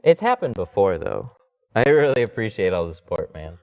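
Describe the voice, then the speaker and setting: A man's voice: fairly low pitch, sing-song, fairly quick, vocal fry, darkish tone. A man talking casually into a headset as he tints a window on a live stream, chatty and loose, swearing now and then when something goes wrong. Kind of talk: casual live-stream talk while working.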